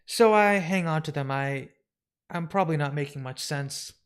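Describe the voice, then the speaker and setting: A man's voice: fairly high pitch, smooth, natural voice. A man reading a comic book aloud live, voicing a sad, lonely shapeshifting woman who stammers and hesitates as she talks of wanting to die. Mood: despairing. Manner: halting, stammering, despairing.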